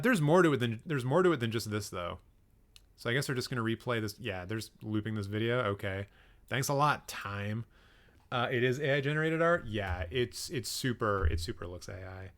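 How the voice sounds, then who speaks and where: A man's voice: mid-range voice, a bit bright. A young man hosting casual reaction commentary, joking sarcastically and swearing now and then as he reacts to clips. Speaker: film commentary host.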